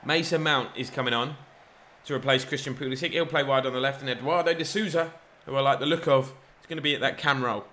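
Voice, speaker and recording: A man giving chatty, excitable play-by-play commentary over a football video game. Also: medium pitch, fast talker, slight background noise. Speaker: gaming YouTuber.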